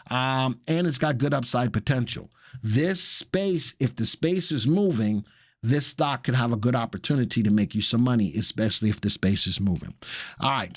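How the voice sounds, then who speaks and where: Recorded in a clean studio with no echo, this mid-range male voice carries a Southern US accent. He hosts a live show analyzing stocks, walking through charts and talking casually with the audience.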